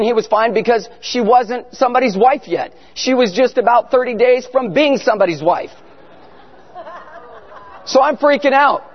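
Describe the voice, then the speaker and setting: A man preaching, telling a funny story and acting out both sides of a conversation. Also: very high voice. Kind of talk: humorous sermon story. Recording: dull sound in a large reverberant hall.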